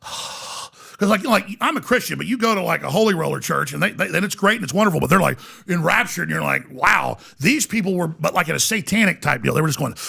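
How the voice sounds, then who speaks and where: A man guesting on a podcast, telling an animated, rambling story, stumbling over words and acting out the voices of others. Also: on the high side, very fast, vocal fry, hardly any pauses, husky.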